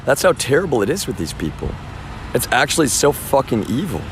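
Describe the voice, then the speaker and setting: A man's voice: mid-range voice, very animated, fairly quick, noisy background. A man live streaming outdoors from a front yard, talking to his viewers in an agitated, rambling way full of swearing. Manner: agitated, rambling, profane, addresses viewers as y'all.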